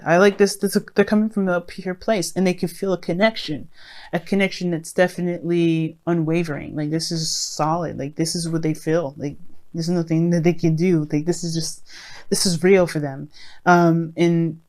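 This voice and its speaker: Low-voiced woman, rambling tarot reader. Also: fairly even intonation, moderate pace, a little mellow. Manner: rambling, many fillers and restarts; addresses viewers directly, friendly. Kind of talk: casual tarot reading monologue.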